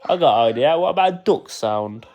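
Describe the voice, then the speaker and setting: A man's voice: mid-range voice, lively intonation, a little fast, darkish tone. A man playing with his young child, teasing in a sing-song way and often laughing. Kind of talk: playful talk with a toddler.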